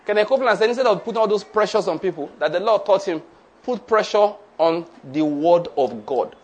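Male preacher; higher-pitched, leads declarations in a sermon. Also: expressive, a little fast, highs cut off. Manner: leads the congregation in call-and-response declarations.

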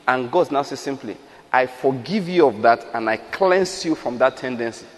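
A man's voice: mid-range voice, moderate pace, in a large hall. A man preaching a sermon, emphatic, asking the listeners rhetorical questions and acting out quotes.

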